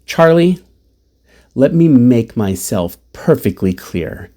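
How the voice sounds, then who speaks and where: A woman's voice: a bass voice, very animated, takes it slowly, dark tone, exaggerated voice. A man voicing his stubborn elderly mother, who speaks in an imperious, indignant way.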